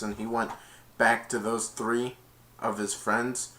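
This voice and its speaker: A man's voice: mid-range voice, little pitch movement, slow pace, pauses often, sharp tone, slight background noise. A young man casually retelling a movie's plot in a rambling, loose way, stringing events together with "and then". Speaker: movie reviewer.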